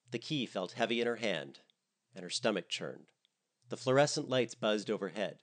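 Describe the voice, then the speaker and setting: A man reading a comic story aloud in a fairly low voice, his pitch rising and falling freely. The reading is expressive and animated, keeping the humor moving. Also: moderate pace. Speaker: narrator. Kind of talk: comedic audiobook narration.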